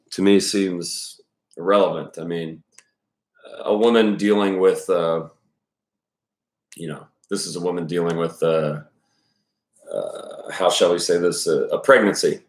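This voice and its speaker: A man's voice: low-pitched, steady tone, unhurried, long pauses. A man reading a novel aloud, then commenting casually with profane asides and many fillers. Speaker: audiobook reader and commentator. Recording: echoey room.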